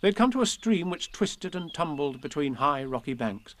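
A man reading children's poems and stories aloud in a gentle, expressive way. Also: on the high side, normal speed, a little hiss or hum.

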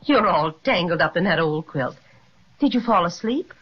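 A breathy fussing mother. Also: lowish voice, expressive, moderate pace. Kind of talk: 1930s radio acting. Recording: muffled 1930s radio recording.

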